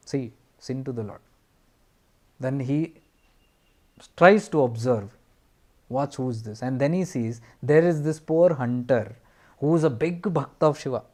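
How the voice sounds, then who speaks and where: A man speaks as a spiritual teacher, telling a devotional story. He takes his time and repeats key words for emphasis. His voice sits at an ordinary middle pitch. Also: a little mellow. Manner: earnest, unhurried storytelling with emphatic repetitions.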